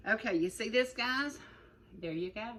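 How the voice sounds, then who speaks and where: A woman's voice: on the high side, expressive, normal speed, a bit bright, a little hiss or hum, low-quality recording. Rambling woman showing how to cook. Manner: chatty, rambling, doubles her words. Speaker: cooking show host. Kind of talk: folksy cooking demonstration chat.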